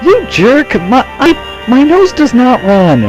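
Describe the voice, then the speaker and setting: Man doing a squeaky frightened young girl. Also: big pitch swings, takes it slowly, music in the background, heavily acted. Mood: indignant. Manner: squeaky falsetto. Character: frightened young girl, tearful but plucky.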